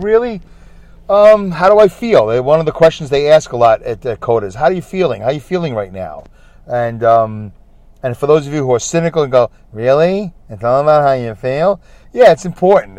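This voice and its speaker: A man's voice: medium pitch, darkish tone, dry recording. A man with a Brooklyn accent hosting a rambling solo podcast, chatty, repetitive and self-deprecating. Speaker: podcast host. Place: in a parked car.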